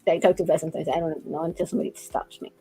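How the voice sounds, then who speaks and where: A middle-aged woman from Mexico, chatting casually and fast, loudly and with lots of laughter. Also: deep voice, flat delivery, husky, no room sound, faint music behind, low-quality recording. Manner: loud, fast, laughing talker. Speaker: stream host. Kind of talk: casual chat.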